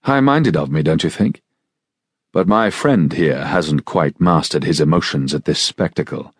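Guy doing a smooth swordsman, soft and mild, dryly mocking, super deep husky voice. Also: a little slow, dry recording, full character voice. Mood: mild, ironic. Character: suave mocking male swordsman, cool and mild.

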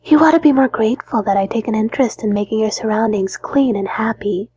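A woman narrator voicing a prim adoptive mother with a breathy voice, speaking softly and moralizing. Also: fairly high pitch, quick pace, dry recording. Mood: preachy.

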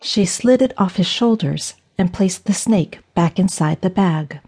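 Husky woman narrating a storybook. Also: lowish voice, unhurried, darkish tone. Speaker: audiobook narrator. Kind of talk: scripted narration.

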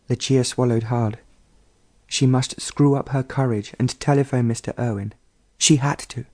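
A male audiobook narrator reads the story in a measured, even manner. His voice is mellow and warm, sitting in a middling register. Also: mid-range voice. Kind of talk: scripted narration.

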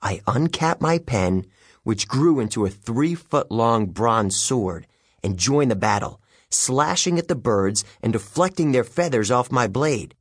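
A male audiobook narrator telling a first-person adventure with a wry, youthful edge. His pitch moves a lot, his voice is slightly husky, and the dry, close recording has no room sound around it. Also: unhurried, no echo. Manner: lively, wry storytelling with youthful character voices.

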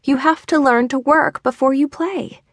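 A woman's voice: sits high, steady tone, normal speed, no room sound, voice pushed up, close to an everyday voice. Woman voicing a firm, scolding mother. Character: firm mother calling from indoors.

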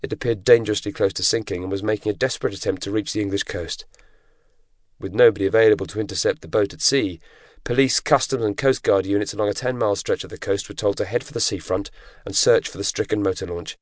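A man narrating an audiobook in a measured, dramatic storytelling manner. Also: fairly low pitch, no room sound. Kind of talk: scripted narration. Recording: dry close studio recording.

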